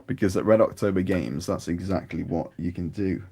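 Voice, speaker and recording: A British man with a husky voice chats casually while painting miniatures, rambling and growing animated. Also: low-pitched, brisk. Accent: British English. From United Kingdom. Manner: rambling, chatty, grows animated.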